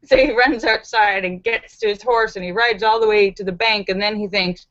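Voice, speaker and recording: A woman's voice: mid-range voice, fairly even intonation, moderate pace, hardly any pauses, a bit bright, no echo. A woman hosting a live stream, reading out viewer jokes and laughing at the punchlines. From Los Angeles. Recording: dull, dry home recording.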